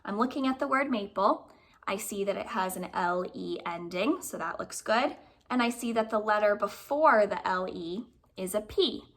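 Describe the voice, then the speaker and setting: A woman teacher giving a remote phonics lesson to young pupils, talking clearly, patiently and encouragingly. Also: mid-range voice, lively intonation, moderate pace. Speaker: elementary school teacher.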